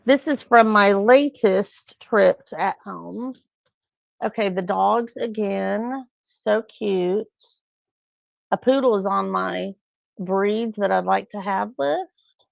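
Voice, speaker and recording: A middle-aged woman chats on a live stream, rambling from one anecdote to the next. Her voice carries a gravelly fry. The sound is dry and a little dull, with no room around it. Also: mid-range voice, slow, dry recording. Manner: chatty, rambling, acts out quotes with laughs. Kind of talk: casual live-stream chat.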